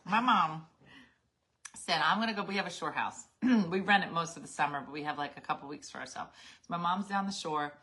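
A woman hosting a casual chat, telling stories with lively acted-out quotes. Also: on the low side, brisk. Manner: lively storyteller acting out quotes. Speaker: host.

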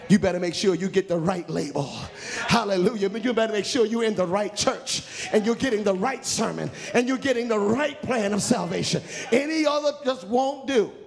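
Preacher, comic storyteller, high gravelly voice, long church reverb. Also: male voice, fairly quick. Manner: animated, humorous, shouting preacher. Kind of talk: storytelling sermon. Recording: echoey church hall.

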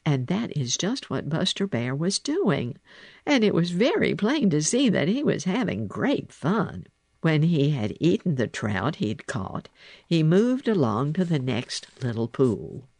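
A man narrating a children's animal storybook in an expressive, animated way. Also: fairly high pitch, measured pace, creaky, no room sound. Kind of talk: storybook reading.

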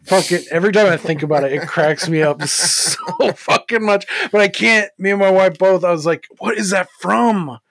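A man's voice: high-pitched, fairly quick, hardly any pauses, fairly bright tone, no echo. Laid-back swearing man, dry sound. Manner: swears freely, laughs easily. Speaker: podcast co-host. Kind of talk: casual chat.

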